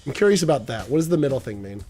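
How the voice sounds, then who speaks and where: A man's voice: medium pitch, expressive, racing, warm tone, breathy edge, faint music behind. A man streaming a game, chatting with viewers in a rambling, joking, self-deprecating way. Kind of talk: casual live-stream chat.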